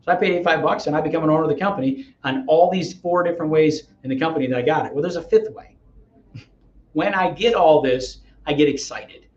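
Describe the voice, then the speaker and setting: Energetic middle-aged man, roomy dull audio. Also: on the high side, fast. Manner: energetic, acts out dialogues, persuasive. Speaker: real estate agent, podcast guest. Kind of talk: interview storytelling.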